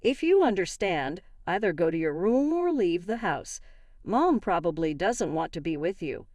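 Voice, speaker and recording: A woman's voice: on the low side, sing-song, normal speed, darkish tone, no echo. A woman voicing an angry husband who always sides with his mother, speaking in an accusing, bossy way.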